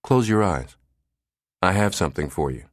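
Audiobook role: a man playing a wry, affectionate professor, deep voice, close and dry. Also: expressive, normal speed, dry recording. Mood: playful. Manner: wry, gentle. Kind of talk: audiobook character reading.

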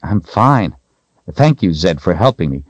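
A man's voice: low voice, sing-song, measured pace, no room sound, highs cut off, full character voice. A man narrating a story voices an earnest young male woodsman in a slightly raised voice.

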